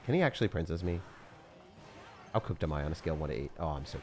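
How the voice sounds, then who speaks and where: A man streaming gameplay, chatting casually with viewers in a slangy way, with sudden loud excited outbursts. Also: very deep voice, very fast, soft background music. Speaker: gaming streamer.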